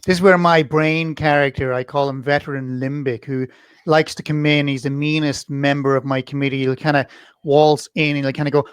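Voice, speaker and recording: Chatty man with a light, higher voice. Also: flat delivery, fairly quick, clear, resonant tone, dry recording. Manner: chatty, jokey asides. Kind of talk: casual chat on a live call.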